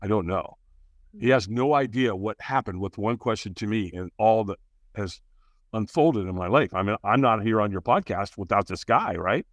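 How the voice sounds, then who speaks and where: A man telling a personal story as a podcast guest, acting out the other people's lines with big leaps in pitch. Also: expressive, moderate pace, no room sound. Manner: acts out dialogue with big jumps in pitch. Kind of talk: animated storytelling.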